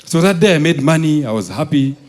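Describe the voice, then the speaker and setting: A male stand-up comedian from Uganda tells school stories live on stage. He acts out the people in them, jumping up high for excited voices and sinking low and quiet for threats. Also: brisk. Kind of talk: stand-up storytelling. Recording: live show with audience laughter.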